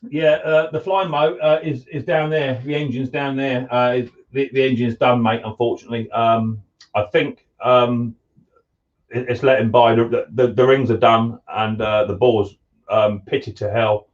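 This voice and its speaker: A man's voice: mid-range voice, fairly even intonation, measured pace, far from the mic, lo-fi sound. A man chatting casually to viewers on a live stream while he works, greeting them as mate and buddy. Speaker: live-stream host, mower repairer. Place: home workshop.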